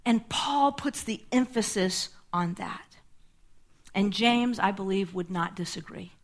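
A woman pastor giving a sermon, teaching in a measured way, stressing key words and checking in with "right?". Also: on the high side, a bit bright.

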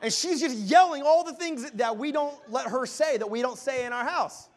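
A male pastor in his thirties delivers a sermon with a light, high voice. He tells a family story in an animated way and jokes at his own expense. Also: normal speed. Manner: animated storytelling with self-deprecating humor.

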